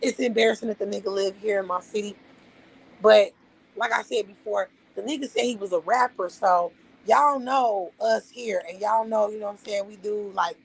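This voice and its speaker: Woman streamer, Las Vegas vernacular, husky and gravelly, profane rambling rant to chat. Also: medium pitch, steady tone, moderate pace, rough recording. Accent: Las Vegas, African American Vernacular English. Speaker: livestream host. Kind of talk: casual livestream rant.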